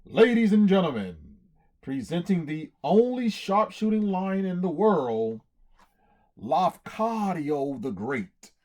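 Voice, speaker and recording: A man's voice: very animated, slow, a little mellow, heavily acted. A man doing a hollering circus ringmaster. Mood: announcing. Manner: booming announcer's hollering. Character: loud mustached circus ringmaster.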